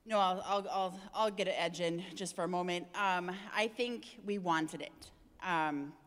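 A woman's voice: lowish voice, measured pace, a bit bright, big-room sound. A woman guest in an interview, talking candidly and chattily with many fillers. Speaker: real estate agent, interview guest. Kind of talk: casual interview talk.

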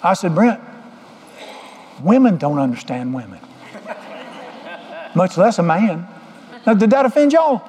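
A man's voice: sits high, very animated, measured pace, long pauses, dark tone, slightly rough. A middle-aged man preaching a sermon, folksy and joking as he tells stories. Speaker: pastor. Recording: long hall reverb.

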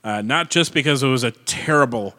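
A man's voice: mid-range voice, fairly quick, pushed and bright. A man co-hosting a podcast in casual chat, blunt and profane, with many fillers and restarts. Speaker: podcast co-host.

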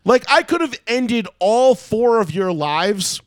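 A man telling a story loudly and profanely in a casual podcast chat. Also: high-pitched, very animated, slow pace, clear, resonant tone, no room sound, clean studio sound. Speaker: podcast co-host.

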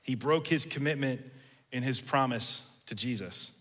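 Male preacher, casual sermon delivery, bright tone, big reverberant room. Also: mid-range voice, moderate pace. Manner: conversational, acts out quoted lines. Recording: reverberant hall.

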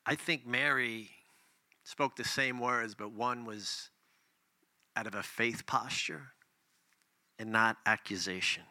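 Speaking slowly at medium pitch and pausing often, a male pastor works through scripture in a conversational sermon. He alternates between loud emphasis and soft near-whispers, with no room sound in the recording.

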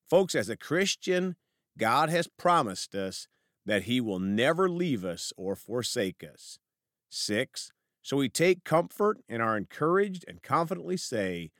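A man's voice: medium pitch, very animated, a little slow, fairly bright tone, no room sound, studio quality. A man preaching a sermon, praying and reading scripture verses aloud in an earnest manner.

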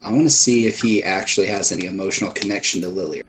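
Man with a lowish voice, player in a tabletop game. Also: racing, poor audio. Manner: animated, hushed at times. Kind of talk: tabletop role-play chat.

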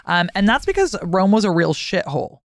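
A woman historian talking as a podcast guest in a casual, chatty way, swearing freely and acting out historical figures in quick asides. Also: mid-range voice, big pitch swings, no room sound, clean studio sound.

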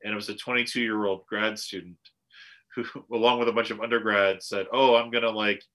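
A man from the United States co-hosting a podcast, talking in an animated, opinionated way with frequent restarts. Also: fairly low pitch, brisk. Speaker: podcast co-host. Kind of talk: casual conversational commentary.

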